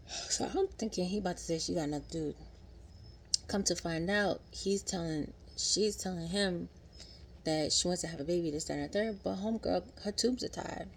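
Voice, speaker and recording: A woman in her thirties recapping a TV episode in casual, animated vlog commentary, acting out quotes. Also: moderate pace, slight background noise. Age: 30s. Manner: chatty, animated, acts out quotes in higher voice. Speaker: vlogger.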